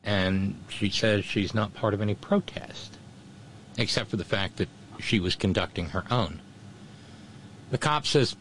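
A man's voice: fairly low pitch, unhurried, pauses often, a bit bright, a little hiss or hum. A man giving a sardonic commentary monologue, mocking and scornful, with wry asides between the quotes he reads out. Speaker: political commentator.

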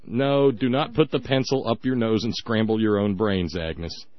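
A man's voice: lowish voice, steady tone, normal speed, highs cut off. A man hosting a radio talk show, giving sarcastic, emphatic commentary with frequent restarts.

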